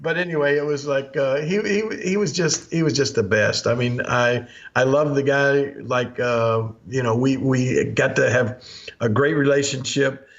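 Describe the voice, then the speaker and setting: A man's voice: medium pitch, unhurried. An older man, hosting a podcast and telling rambling stories, laughing often and acting out old quotes. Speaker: podcast host. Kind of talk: storytelling chat. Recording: slightly dull lo-fi audio.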